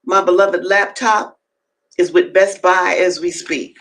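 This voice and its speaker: A woman hosting a live-streamed reading, talking to viewers between passages and jumping up in pitch to stress her points. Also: fairly even intonation, unhurried, fairly bright tone, rough recording. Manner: emphatic, swings up high to stress points; chatty asides to viewers. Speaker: host and reader.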